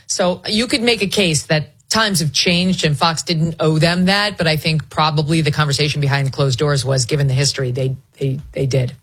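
Husky-voiced woman giving sharp commentary. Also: low voice, normal speed, few pauses. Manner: sarcastic, mocking, animated when mimicking. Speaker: political commentator guest. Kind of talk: opinionated political chat.

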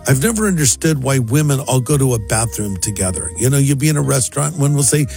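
A male pastor with a medium-pitched, gravelly voice speaks fast as he tells a story, animatedly acting out both sides of a conversation. Faint music plays underneath.

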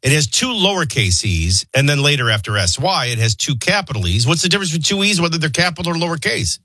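Brash talk radio host, bright dry voice. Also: male voice, fairly high pitch, very animated, fast, dry recording. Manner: brash, joking, opinionated. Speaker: morning show host.

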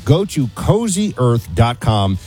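A man's voice: medium pitch, slow, faint music behind. A middle-aged man co-hosting a political talk radio show, bantering with jokes and emphatic asides and reading an ad. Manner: animated, jokey, emphatic asides, mock accents. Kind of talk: casual talk radio banter and host-read ad.

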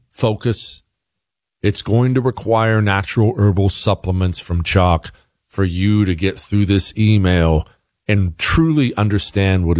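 Guy doing talk radio, sarcastic and punchy, lowish voice, dry studio sound. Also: no room sound. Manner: sarcastic, emphatic, swings into mocking pitch jumps. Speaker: radio talk show host. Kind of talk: opinionated talk radio monologue.

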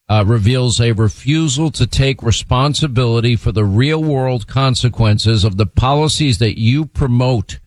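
A male talk radio host with a mid-pitched voice and a brisk, forceful delivery. He reads quotes aloud and moves quickly from point to point. The sound is dry and close, like a studio mic with no room echo.

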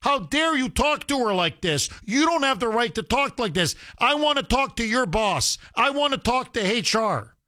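A man mimicking an outraged middle-aged mother who is yelling at her daughter's boss. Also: very high voice, very animated, normal speed, hardly any pauses, dry recording, studio quality, voice pushed up, full character voice. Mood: indignant.

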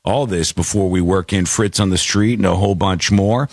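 A man hosting a talk radio show, reading listener emails aloud and joking around with his co-host in a casual, lively way. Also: sits low, moderate pace, husky, dry recording, clean studio sound. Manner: lively, animated delivery with jokey asides.

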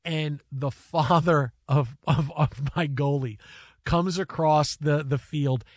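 Animated high-voiced male sports host. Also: slow pace, no echo. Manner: animated storytelling, acts out quotes. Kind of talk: casual sports chat.

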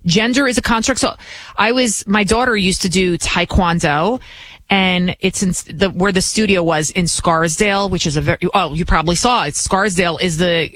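A woman's voice: fairly low pitch, a bit bright, no room sound, rough recording. A woman filling in as a talk radio host, delivering blunt, combative and opinionated commentary.

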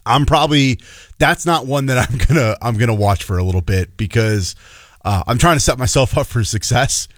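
A man's voice: medium pitch, moderate pace, dry recording, studio quality. A man in his thirties from the Chicago area, co-hosting a talk show and telling stories in an earnest, emotional way. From Chicago area, Illinois. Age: 30s. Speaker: radio show co-host. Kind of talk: casual chat.

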